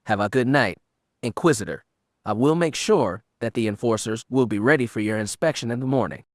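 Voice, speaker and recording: A man voicing a dismissive, lordly woman Dark Lord speaking as a host. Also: mid-range voice, animated, fairly quick, no room sound, studio quality, lightly acted.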